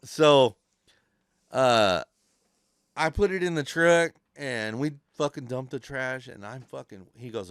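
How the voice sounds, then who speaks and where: Profane, rambling man with a clear voice. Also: medium pitch, takes it slowly, no room sound, clean studio sound. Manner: profane, rambling, animated storyteller. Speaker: podcast host. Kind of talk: casual storytelling chat.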